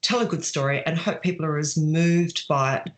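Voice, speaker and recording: A woman's voice: low-pitched, steady tone, normal speed. Brief: middle-aged woman author, chatty, restarts often, laughs into her stories. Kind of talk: casual interview answers.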